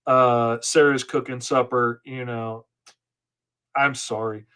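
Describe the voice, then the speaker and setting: A man's voice: mid-range voice, level tone, takes it slowly, a bit bright, smooth. A man hosting a live comic-inking lesson, chatting casually and rambling in a self-deprecating way while he works and answers viewers. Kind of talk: casual live-stream chat while working.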